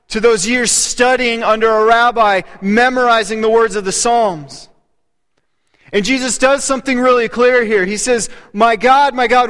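High-voiced preacher in a reverberant hall. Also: male voice. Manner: earnest preaching, dropping to a hush on key points. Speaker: pastor. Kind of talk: sermon.

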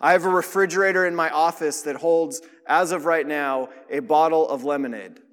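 In a large hall, a pastor with a slightly high, somewhat bright voice preaches at a moderate pace. He speaks plainly and conversationally, engaging listeners and inviting them to notice what he points out.

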